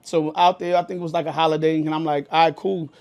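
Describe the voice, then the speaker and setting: Man, New York accent, high-pitched voice, podcast co-host, animated, profane storyteller. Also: fast talker. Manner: animated, profane, gets loud and heated retelling anecdotes. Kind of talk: casual podcast chat, storytelling.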